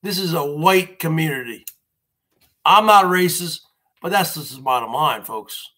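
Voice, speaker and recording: A man's voice: on the high side, lively intonation, unhurried, pushed and bright. A man hosting a livestream, ranting in a rambling, repetitive monologue and often addressing his viewers as folks. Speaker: livestream host.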